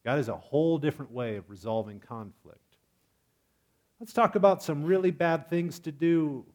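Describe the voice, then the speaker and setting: A man preaching a sermon in a lively, humorous way, asking his congregation questions. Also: a little high, normal speed. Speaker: pastor.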